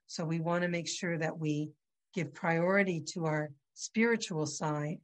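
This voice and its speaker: A woman giving a religious lesson, telling a story in an animated way with some restarts. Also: sits low, a little slow. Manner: animated storytelling with restarts, softening toward the close. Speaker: religious teacher.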